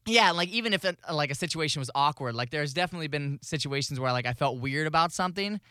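A man's voice: a little high, animated, quick pace, sharp tone, smooth, no echo, clean studio sound. A young man co-hosting a podcast, chatting in a rambling, reflective way and leaning heavily on "like.". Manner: rambling, reflective, heavy use of "like". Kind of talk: casual chat.

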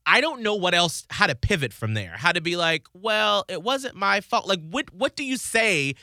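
A man co-hosting a casual podcast chat, animated and laughing often, who jumps into high-pitched voices when he quotes people. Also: moderate pace, dry recording, clean studio sound. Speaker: podcast co-host.

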